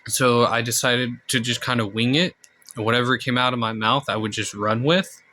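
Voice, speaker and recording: Blunt, bright-voiced male vlogger. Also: medium pitch, steady tone, normal speed, slight background noise. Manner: blunt, frank, heavy swearing. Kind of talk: candid casual monologue.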